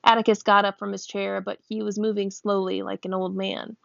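A woman reading a novel aloud, lifting her pitch a little for the characters' lines, at times stopping to check how a word is said. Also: flat delivery, brisk, gravelly, fairly bright tone, dry recording. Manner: voices characters with small pitch lifts; stops to check a word's pronunciation and laughs. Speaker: reader. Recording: dull, dry close recording.

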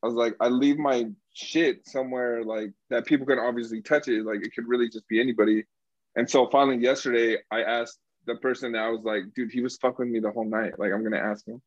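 A young man recounts a story in loose, animated chat, breaking into laughter and cursing freely. His voice sits in an ordinary middle register. The recording is dry and a little dull. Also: medium pitch, fast, no room sound. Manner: animated, laughing, heavy swearing.

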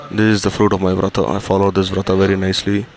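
Man doing a greedy worldly devotee, whiny, demanding, low flat voice. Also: quick pace, a crowd in the background. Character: worldly male devotee craving pleasures.

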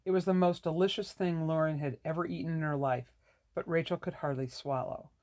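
A reader narrating a novel in a measured, even way. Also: mid-range voice. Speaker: audiobook narrator. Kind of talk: scripted narration.

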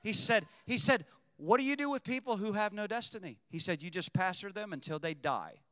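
A man preaching a sermon as pastor, rising at times to shouted emphasis. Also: high voice, expressive, a little fast, no room sound, big-room sound.

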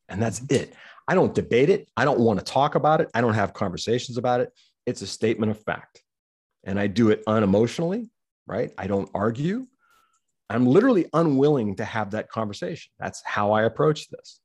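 A man's voice: on the low side, lively intonation, a little fast, darkish tone, husky. A middle-aged man, a business-owner guest, telling a story candidly and bluntly, swearing freely. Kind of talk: conversational storytelling.

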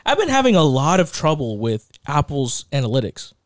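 Young male podcast co-host, casual chat, emphatic and repetitive, slightly high voice, close dry sound. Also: wildly swooping pitch, brisk, no echo. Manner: emphatic, repeats himself, says bro and dude.

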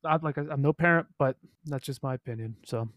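A young man hosting a casual podcast who rambles through his points, full of fillers and quick laughs. His voice sits at a middle pitch, and the recording is dry and close. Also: fairly bright tone, dry recording. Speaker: podcast host. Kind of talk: casual chat.

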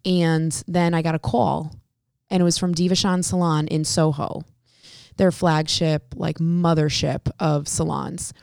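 A woman's voice: low voice, measured pace, gravelly, no room sound, clean studio sound. A woman from Connecticut, a hairstylist and salon owner, telling stories as an interview guest and acting out the dialogue. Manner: lively storyteller who acts out quoted dialogue. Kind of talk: casual storytelling interview.

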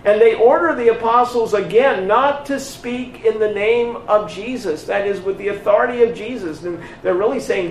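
Male preacher, high voice, gravelly, slow and emphatic, echoey distant room. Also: slight background noise. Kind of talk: sermon. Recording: echoey room picked up from afar.

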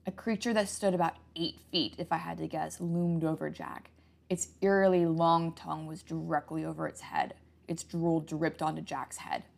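Low, gravelly woman storyteller, hushed horror narration.

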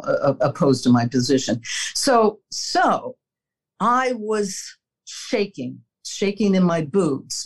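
Speaking in a low voice over a rough recording, this former executive is an older interview guest. She earnestly shares personal stories, laughing a little and restarting now and then.

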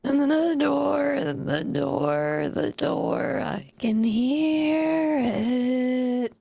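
A woman voicing a mournful shadow spirit, with a long, raspy, windy voice that draws out its words and sounds close to tears. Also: high voice, expressive, dark tone, pitched above the performer's own voice, heavily acted. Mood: awed. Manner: drawn-out, pleading, tearful.

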